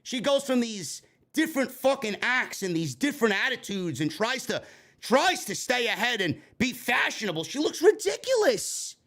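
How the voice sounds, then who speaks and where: A man's voice: very high-pitched, expressive, moderate pace, pushed and bright. A man reviewing a wrestling show in an angry, sarcastic rant full of swearing. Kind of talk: profane ranting show review.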